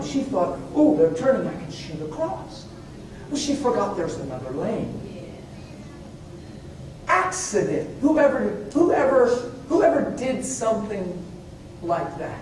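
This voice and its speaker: A man preaching in a very echoey hall, picked up from well away from the mic with faint noise underneath. He tells personal stories with animated swings from hushed asides to high, excited exclamations. His voice sits at a middle pitch. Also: far from the mic. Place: church meeting hall.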